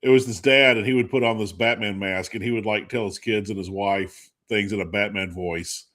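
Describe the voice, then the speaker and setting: A man's voice: fairly low pitch, fairly even intonation, normal speed, a bit bright. A man hosting a talk show in casual chat, rambling with lots of fillers and laughing often. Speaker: host.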